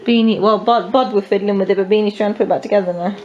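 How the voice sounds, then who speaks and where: A woman's voice: medium pitch, fairly even intonation, racing, a little mellow, highs cut off. A woman, a homeschooling mother chatting patiently with her children at a table at home. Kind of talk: casual family chat.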